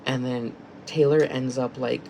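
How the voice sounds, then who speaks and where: A man's voice: mid-range voice, steady tone, measured pace, vocal fry, a little mellow, a little hiss or hum, poor audio. A young man telling a personal story vlog-style, rambling with lots of fillers and restarts. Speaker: vlogger. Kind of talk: casual storytime.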